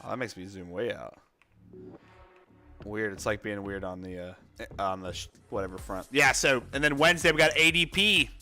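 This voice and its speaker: A bright-voiced man hosts a trading livestream, rattling off viewer names with bursts of excitement. He sounds winded, as if out of breath. Faint music plays behind him. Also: lowish voice. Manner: energetic, reads viewer names rapidly, excitable outbursts. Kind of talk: casual livestream chat.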